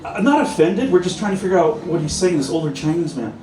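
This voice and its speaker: Telling funny stories from his police days to a busy indoor pub crowd, a man acts out the exchanges with an expressive, quick, dark-toned voice that is a little high. The recording is echoey and distant, with the crowd and slight background noise audible.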